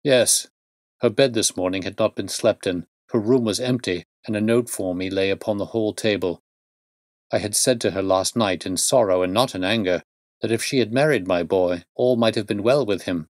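A man's voice: lowish voice, normal speed, no echo, clean studio sound, natural voice. A man voicing an anguished middle-aged male banker who pleads and exclaims in distress. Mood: despairing.

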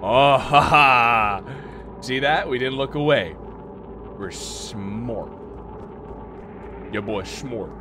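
A young man streaming a horror game, muttering to himself and yelling in fright. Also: mid-range voice, drawn-out words, pauses often, background noise. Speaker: gaming streamer. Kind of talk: horror game playthrough commentary.

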